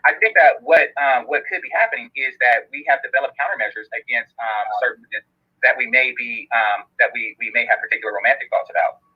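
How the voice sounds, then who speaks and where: A man's voice: mid-range voice, brisk, slightly rough. A man in a casual discussion, explaining his point at length and repeating "here's the thing.". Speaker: guest on a discussion show. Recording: lo-fi played-back clip.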